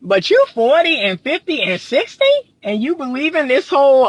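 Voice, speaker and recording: A man's voice: very high-pitched, huge pitch swings, moderate pace, no echo, dull audio. A man working as a relationship coach and counselor, talking casually and passionately to viewers while he gets riled up. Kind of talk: casual livestream talk to viewers. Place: in a car, driving.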